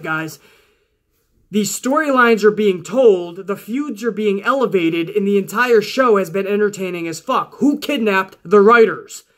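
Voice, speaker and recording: A man giving a casual, profanity-heavy recap of a wrestling show as its regular reviewer, ranting excitedly. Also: sits high.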